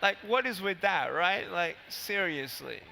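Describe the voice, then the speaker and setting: Animated motivational speaker in a big hall. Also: male voice, sits high, a little slow, creaky, a little hiss or hum. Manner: animated storytelling, acting out scenes. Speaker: keynote speaker. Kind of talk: motivational keynote speech. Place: large convention hall. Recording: long hall reverb from PA.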